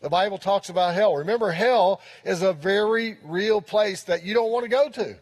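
High-voiced preacher in a reverberant hall. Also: male voice, moderate pace. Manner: earnest preaching with frequent repetition of key phrases. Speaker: pastor. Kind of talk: sermon. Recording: long reverb of a large hall.

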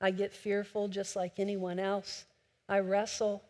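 A woman preaching a sermon with impassioned delivery, swinging between loud urging and a soft hush. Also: medium pitch, monotone, a little slow. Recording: long hall reverb.

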